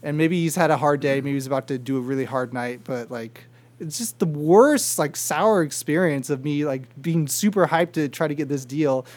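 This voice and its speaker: Animated young man telling a story. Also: fairly high pitch, normal speed. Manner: animated storytelling, swears freely. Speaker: podcast co-host. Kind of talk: casual chat.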